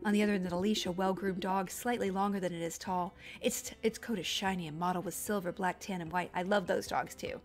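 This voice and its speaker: Excitable woman streamer narrating her game live, quick yelps over faint background music. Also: medium pitch. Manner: excitable, reads text aloud, cries out at the screen. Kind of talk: live game play-through.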